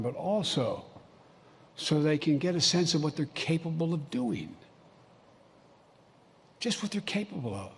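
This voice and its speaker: A man's voice: mid-range voice, vocal fry, husky. An older man giving a folksy, anecdotal public speech as vice president. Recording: long hall reverb, faint ambience.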